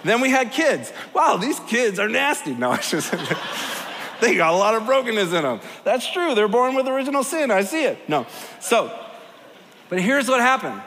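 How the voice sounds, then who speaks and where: A middle-aged man preaching a sermon as a pastor, animated and storytelling, swinging from soft to loud. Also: high-pitched, a little hiss or hum. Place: large church hall. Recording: long hall reverb.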